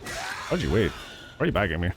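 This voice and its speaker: A man's voice: deep voice, big pitch swings, moderate pace, music in the background. A man streaming a game live, chatting casually with his viewers and reacting to the match as it plays. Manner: chatty, reacts and laughs often, greets chat. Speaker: gaming streamer. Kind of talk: live gameplay commentary.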